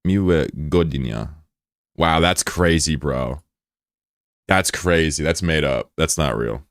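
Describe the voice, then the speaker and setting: A man's voice: very deep voice, slow, fairly bright tone, no room sound, clean studio sound. A young American man streaming and chatting casually with his audience, joking around and stumbling as he tries words in other languages. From United States. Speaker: livestreamer. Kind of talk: casual chat with a live audience.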